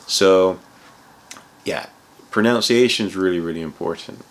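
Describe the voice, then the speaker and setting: A man's voice: sits low, measured pace. A man who moved to England from abroad, a consultant giving casual career advice in a rambling way, full of restarts and "you know". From outside England, moved there.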